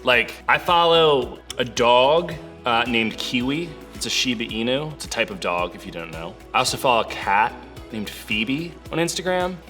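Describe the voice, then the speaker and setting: A man's voice: mid-range voice, lively intonation, moderate pace, sharp tone, faint music behind. A young man giving a casual, playful talk to youth as a church speaker, chatty and full of fillers.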